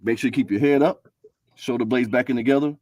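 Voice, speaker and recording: A man's voice: medium pitch, quick pace, a little mellow, no echo. A man, a podcast guest talking in an easygoing, instructive way. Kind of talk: casual podcast chat. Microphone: remote live-stream call.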